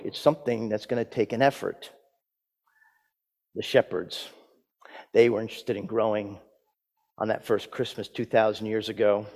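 Storytelling pastor in a reverberant church. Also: male voice. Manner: storytelling preacher, dramatic swings in loudness and pitch. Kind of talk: sermon with scripture reading and prayer. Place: church sanctuary. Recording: long hall reverb.

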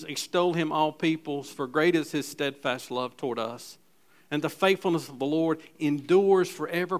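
A man preaching a sermon, reading scripture aloud and commenting between verses, pushing his voice louder on key lines and dropping low on asides. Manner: emphatic, rises in volume on key lines, drops low on asides. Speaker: pastor.

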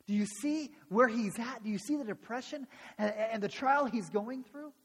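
A man's voice: very high-pitched, normal speed, husky, in a large hall. A male pastor preaching a sermon and praying, earnest, with frequent restarts and repeated words.

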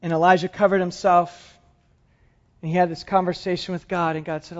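A pastor preaching a sermon to his congregation, moving between soft, quiet lines and emphatic, raised passages. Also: high voice, flat delivery, fairly quick, lo-fi sound. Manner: dramatic shifts between soft and emphatic delivery.

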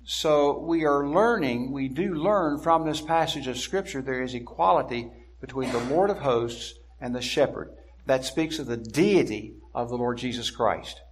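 A man preaches an expository sermon slowly and deliberately in a medium-pitched voice. He stresses his key words heavily, stretching them out for emphasis.

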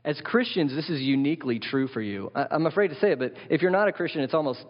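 A male pastor preaching a sermon in an animated way, often putting questions to his congregation. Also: on the high side, fast talker. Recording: dull lo-fi sound with long hall reverb.

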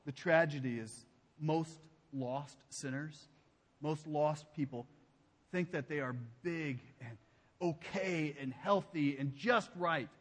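A man preaching a sermon as pastor. He speaks emphatically and drops to a hushed low voice on key phrases. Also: slow, in a large hall. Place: church sanctuary.

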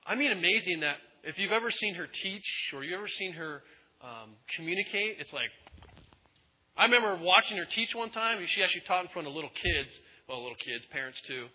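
A male pastor preaching a sermon in an animated way, acting out quotes in different voices. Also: sits high, a little fast. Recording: echoey hall, dull lo-fi sound.

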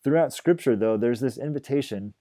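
A man preaching a reflective sermon, often dropping to a hushed, gentle voice. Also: mid-range voice, fairly quick, no echo. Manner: gentle, reflective, drops to a hush on quiet phrases. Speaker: pastor.

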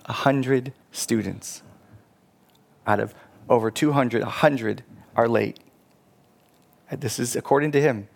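Man preaching an animated sermon. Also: mid-range voice, slow pace, gravelly, long pauses. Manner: animated storytelling, addresses the congregation. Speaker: pastor.

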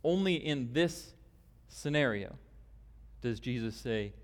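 Slow, deliberate male preacher in a hall. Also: mid-range voice. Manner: deliberate, with long emphatic pauses. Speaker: pastor. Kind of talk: sermon. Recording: long hall reverb.

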